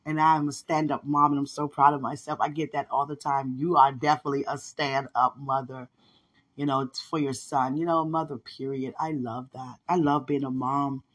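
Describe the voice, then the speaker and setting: A woman hosting a podcast, telling a personal faith testimony in casual, animated storytelling. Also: rumbling low, normal speed, breathy edge. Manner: animated storytelling, acts out others' words. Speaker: podcast host.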